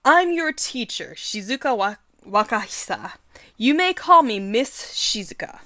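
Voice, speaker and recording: Female reader as strict teacher, calm and formal, slightly high. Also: measured pace, dry recording, exaggerated voice.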